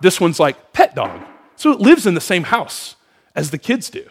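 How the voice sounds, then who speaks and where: Animated male preacher in a reverberant hall. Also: high voice, moderate pace. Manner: animated, asks the room questions. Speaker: pastor. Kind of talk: sermon to a congregation.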